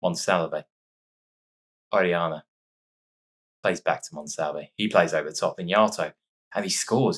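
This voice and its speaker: A man casually commentating his own football management game, chatty and excitable, with a sore nose after a sneezing fit. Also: sits low, a little slow, long pauses. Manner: chatty, excitable reacting to match play. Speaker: gaming YouTuber. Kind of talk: casual let's-play commentary.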